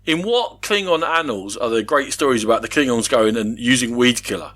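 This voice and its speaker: A man's voice: mid-range voice, expressive, brisk, fairly bright tone. A man co-hosting a podcast, bantering and teasing his co-host in casual talk about board games.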